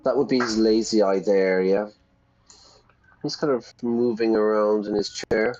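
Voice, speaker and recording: A man's voice: fairly low pitch, fairly even intonation, unhurried, darkish tone, dull audio, slight background noise. A man streaming a video game, reading lines aloud and chatting as an English teacher explaining words to learners.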